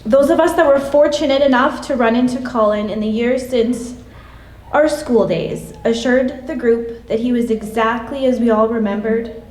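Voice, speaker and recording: A woman in her late thirties reading a prepared memorial tribute in a measured, gentle way. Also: on the high side. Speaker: classmate giving a memorial tribute. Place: church hall. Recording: echoey hall from a distance.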